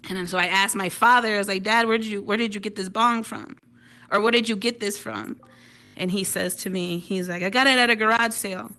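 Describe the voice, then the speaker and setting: Bright-voiced woman doing stand-up. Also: medium pitch, steady tone, a little fast, faint music behind. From Detroit, United States. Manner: chatty, tags lines with "right?", laughs at own jokes. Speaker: stand-up comedian. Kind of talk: stand-up comedy routine. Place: virtual reality social venue. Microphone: VR headset mic.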